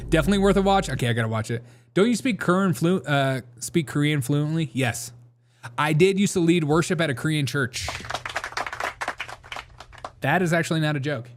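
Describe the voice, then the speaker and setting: A man's voice: on the high side, slight background noise. A man hosting a live show, chatting casually and rambling through jokes and chat replies, laughing often. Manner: reads chat and answers it.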